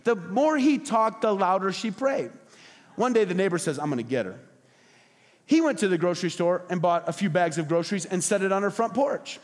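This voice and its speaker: Pastor, male, high voice, sermon with storytelling and acted-out quotes, big church reverb. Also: a little fast.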